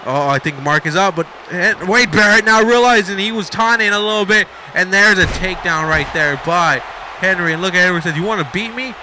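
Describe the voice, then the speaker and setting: A man doing excited, rambling play-by-play commentary over a video game match, shouting at the big moves. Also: sits high, fairly quick, a little hiss or hum.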